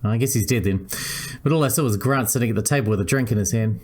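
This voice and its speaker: A man's voice: lowish voice, quick pace, darkish tone, a little hiss or hum. A man hosting a let's-play, reading a visual novel aloud and switching between narration and character voices.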